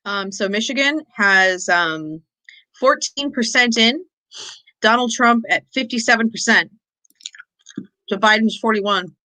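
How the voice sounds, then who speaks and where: A woman's voice: a little high, measured pace, pauses often, sharp tone, poor audio. A woman in her twenties, a guest on a casual livestream chat, speaking with a dry, sarcastic edge. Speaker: stream guest.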